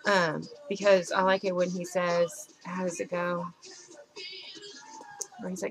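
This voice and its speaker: A woman's voice: lowish voice, flat delivery, unhurried, long pauses, over music, poor audio. Young woman vlogger, chatty, gushy fan energy. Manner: chatty and gushing, lots of "like", acts out quoted people. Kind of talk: casual chat.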